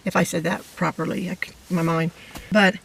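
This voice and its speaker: A middle-aged woman giving an emotional personal testimony to camera, halting and fighting back tears. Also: fairly low pitch, little pitch movement, gravelly, a bit bright, husky, recorded from a distance, poor audio. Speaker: vlogger sharing a testimony.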